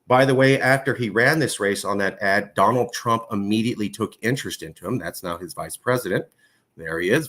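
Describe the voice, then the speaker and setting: A man hosting a casual interview, talking in long rambling stretches with many fillers and pitch that jumps high when he gets worked up. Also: fairly bright tone. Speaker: podcast host.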